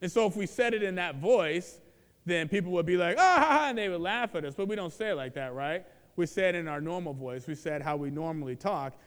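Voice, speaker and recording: Man preaching, fairly high and smooth voice, swings from loud emphasis to low, quiet confession; long reverb of a big hall. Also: a little fast. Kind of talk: sermon.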